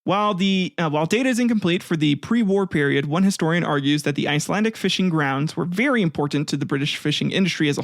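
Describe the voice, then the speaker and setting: A man's voice: a little high, gravelly, no room sound, studio quality. A man hosting a casual comedy history podcast, rambling and swearing, laughing often as he retells events. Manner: profane, rambling, laughs often, acts out voices. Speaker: podcast host.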